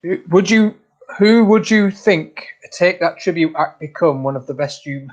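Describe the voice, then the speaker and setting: A man's voice: high-pitched, measured pace. A man hosting a casual livestream, reading out viewer comments, laughing often and calling people mate. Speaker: channel host.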